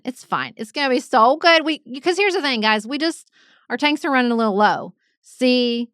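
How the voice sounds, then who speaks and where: A woman's voice: medium pitch, a bit bright, no room sound. Chatty Southern woman, dry studio sound. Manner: chatty, enthusiastic, says "y'all". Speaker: podcast co-host. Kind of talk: casual conversational podcast chat.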